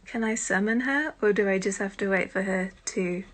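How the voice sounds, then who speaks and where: British woman, live-stream host, bright tone, self-deprecating chatter into a phone mic. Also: medium pitch, moderate pace. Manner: chatty and self-deprecating, with quiet muttered asides. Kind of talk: casual live-stream chat.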